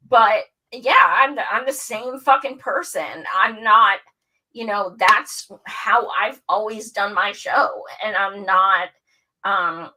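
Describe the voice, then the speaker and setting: A woman's voice: a little high, rough recording. A woman who hosts a show, telling her story in casual chat, candid and full of swearing. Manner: candid and profane, animated storytelling. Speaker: show host.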